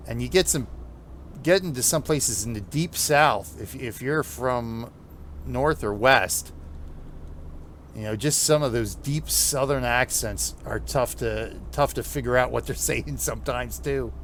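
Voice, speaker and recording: A man with a New Jersey accent talks loosely to his viewers as he plays a trucking game, often breaking off and restarting his sentences. His pitch sits in an ordinary middle range. A faint hum of noise sits under the voice. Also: fairly bright tone. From New Jersey, USA. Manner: rambling, halting restarts, chuckles often. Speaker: streamer playing a truck game. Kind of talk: casual chat while gaming.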